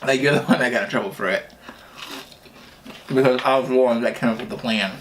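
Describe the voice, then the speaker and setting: A man from New Jersey telling childhood stories in a casual mukbang vlog, often laughing and pausing to eat and drink. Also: mid-range voice, a little hiss or hum. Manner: chatty, laughs often, eating while talking. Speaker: vlogger. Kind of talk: casual storytelling during a mukbang.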